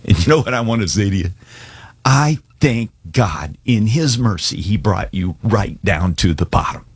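Male pastor, low husky voice, dry close sound, earnest casual preaching. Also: lively intonation, moderate pace, no room sound. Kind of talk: sermon with altar call.

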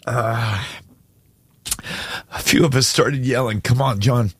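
A man's voice: mid-range voice, fairly even intonation, slow pace, a bit bright, breathy edge, no room sound. A man on a morning talk show, telling a heartfelt story in casual chat and choking up with tears as he goes. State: tearful. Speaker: radio show co-host.

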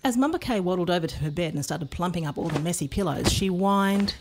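A woman narrating a children's storybook in a playful, expressive way. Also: fairly low pitch, fast talker, noisy background.

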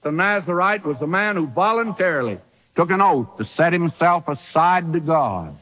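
A man's voice: fairly high pitch, lively intonation, normal speed, fairly bright tone. A man preaching a sermon, emphatic and full of rhetorical questions.

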